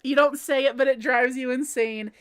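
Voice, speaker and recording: A woman's voice: high-pitched, fairly even intonation, moderate pace, smooth. An American woman hosting a casual livestream from home, chatting and answering viewer comments, laughing often and saying "like" a lot. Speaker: livestream host. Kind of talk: casual chat reading live comments.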